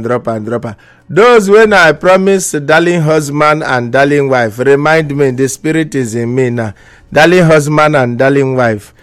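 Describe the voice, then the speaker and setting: A Nigerian man with a Nigerian Pidgin accent, hosting a live-stream comedy show as a mock preacher, reading viewer comments and laughing often between lines. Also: medium pitch.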